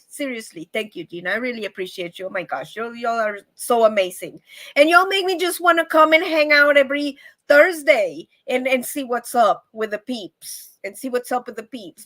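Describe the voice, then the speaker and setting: A bubbly, effusive woman hosts a casual live stream, reading viewer comments and laughing often. Her voice sits high with a fairly bright tone.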